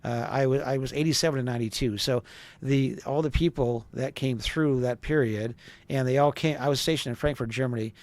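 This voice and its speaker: A man's voice: medium pitch, steady tone, a little fast, a little mellow, dry recording. A man in his fifties from Wisconsin, a former radio DJ, telling stories as a podcast guest and acting out the voices of the people he quotes. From Wisconsin, USA. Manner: chatty storyteller who acts out quoted voices. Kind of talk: storytelling interview.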